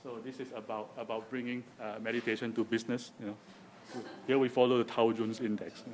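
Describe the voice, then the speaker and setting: A man's voice: mid-range voice, little pitch movement, brisk, a little mellow, slight background noise. A man with a Singaporean accent giving a joking, chatty talk to a live audience in a lecture hall, with many restarts. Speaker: guest speaker.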